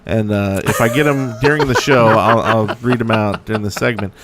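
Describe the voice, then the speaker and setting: A man's voice: fairly low pitch, fairly even intonation, fairly quick, background noise. A man hosting a podcast in casual chat, playful and jokey as he reads out listener ideas. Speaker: podcast host.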